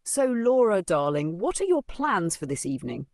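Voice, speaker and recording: A man's voice: high voice, very animated, moderate pace, a little mellow, no echo, studio quality, pitched above the performer's own voice. A man voicing a scheming stepmother who speaks in a falsely cheerful, knowing way in a narrated story. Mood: sugary, probing. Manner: sugary, knowing, probing.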